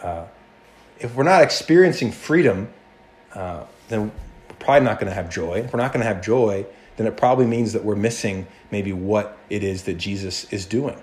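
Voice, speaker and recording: A male pastor preaching a sermon in an animated, conversational way, often restarting and acting out quotes. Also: fairly low pitch, normal speed.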